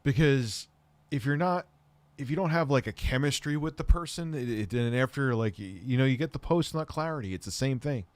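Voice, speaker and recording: A man's voice: mid-range voice, animated, a little fast, darkish tone, dry recording. A man in his thirties hosting a livestream, answering chat questions in candid, rambling, self-deprecating stories.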